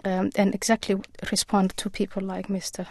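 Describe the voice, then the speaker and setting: A woman guest in a radio interview, speaking earnestly and in a measured way with frequent pauses. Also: mid-range voice, flat delivery, vocal fry, no room sound, studio quality. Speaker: author and guest.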